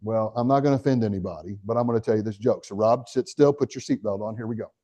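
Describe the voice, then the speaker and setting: A middle-aged man giving a live real estate training, energetic and talking straight to the audience with questions. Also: on the low side, fast talker. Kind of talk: live motivational training talk.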